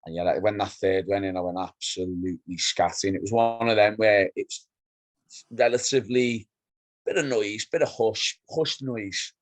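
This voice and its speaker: Low-voiced man telling pub football stories. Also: normal speed, no room sound, poor audio. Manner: animated storyteller, acts out pub exchanges. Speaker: podcast co-host. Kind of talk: casual football chat.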